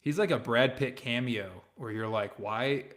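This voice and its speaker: A man's voice: mid-range voice, animated, normal speed. Blunt, opinionated man on a podcast. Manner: blunt, opinionated, trails off quietly. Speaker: podcast guest. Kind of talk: casual sports chat.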